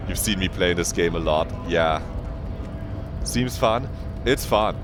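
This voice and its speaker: A man's voice: low voice, slow pace, noisy background. A young man streaming a video game, chatting casually and rambling with jokes and swearing. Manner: joking, rambling, swears, slips into silly voices. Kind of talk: casual gameplay commentary.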